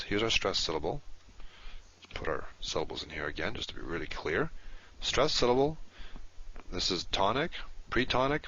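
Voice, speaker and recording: A man's voice: lowish voice, pushed and bright. A man teaching a recorded language lesson, explaining step by step and repeating key terms patiently. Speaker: Hebrew teacher. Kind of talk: recorded lecture. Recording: dull lo-fi recording.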